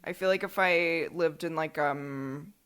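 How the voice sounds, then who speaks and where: A woman co-hosting a podcast, chatting loosely and playfully with plenty of fillers. Her voice sits a little low for a woman. She rambles in an easy, joking way. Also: unhurried, a bit bright, clear, resonant tone. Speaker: podcast co-host. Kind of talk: casual chat.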